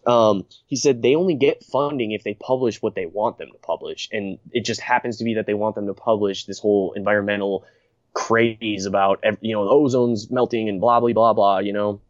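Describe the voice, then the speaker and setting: A man's voice: lowish voice, steady tone, fairly quick, no echo. Rambling young man, dry dull recording. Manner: rambling and blunt, with frequent laughs and restarts. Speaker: podcast host. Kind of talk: casual podcast chat.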